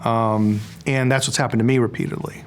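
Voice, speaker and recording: A man's voice: mid-range voice, steady tone, a little fast, a little hiss or hum. A middle-aged man being interviewed, speaking earnestly and emphatically with frequent restarts. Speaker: interview guest.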